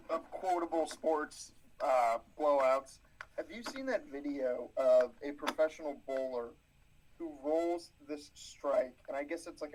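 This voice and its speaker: A man's voice: on the high side, slight background noise, poor audio. Rambling, hesitant podcast guy. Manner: rambling, hesitant, lots of ums. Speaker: podcast co-host. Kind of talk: casual podcast banter.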